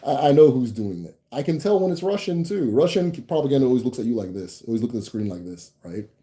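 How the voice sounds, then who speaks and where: Dark-voiced laid-back American man. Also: mid-range voice, sing-song, quick pace. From United States. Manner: rambling, frequent restarts and laughter. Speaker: channel host answering viewer comments. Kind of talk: casual livestream chat.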